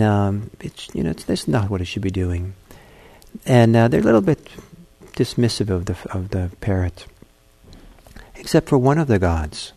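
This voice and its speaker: A man, a meditation teacher, giving a dharma talk and telling a fable in a gentle, halting way. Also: on the low side.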